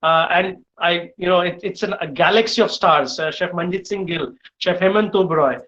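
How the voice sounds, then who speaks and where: A middle-aged man with an Indian English accent speaks as a guest chef to a class of students. He tells his stories in an animated way, breaking often with uh and restarts. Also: high voice, moderate pace, dull audio. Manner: animated, frequent uh fillers, lively storytelling. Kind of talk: storytelling in a live online session.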